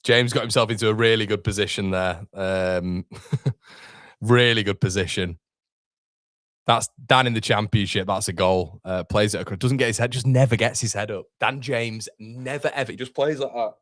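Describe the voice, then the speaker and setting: A young man hosting a live football watchalong, excitable and sweary, chatting to his viewers. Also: lowish voice, moderate pace, no room sound, studio quality. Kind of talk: live match reaction.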